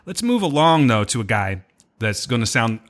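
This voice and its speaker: A man's voice: medium pitch, very animated, normal speed. A man hosting a podcast, casual and joking, swearing freely as he welcomes guests. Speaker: podcast host.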